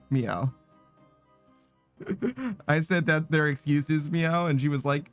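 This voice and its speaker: With faint music behind him, a tired, laid-back man on a livestream speaks slowly and expressively in a gravelly voice on the high side, leaving long pauses. He reads viewer messages casually, tacks "meow" onto almost every sentence, and frequently laughs and curses.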